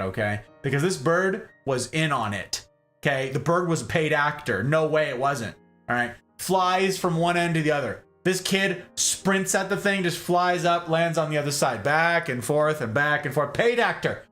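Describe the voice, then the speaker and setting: A man hosting a stream, telling a story casually and animatedly, often tagging lines with "okay?". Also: a little high. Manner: animated, rambling, keeps asking "okay?". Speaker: streamer host.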